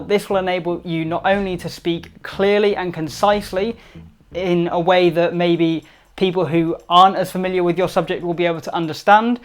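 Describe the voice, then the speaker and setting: A man giving upbeat instructional tips to camera, emphatic and varying his loudness to stress points. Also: a little high. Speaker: presentation skills vlogger.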